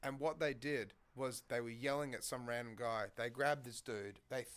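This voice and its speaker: A man's voice: medium pitch, steady tone, moderate pace, a bit bright, clear, resonant tone. A man with an Australian accent, a podcast host telling a story in casual chat, tagging his lines with "right?".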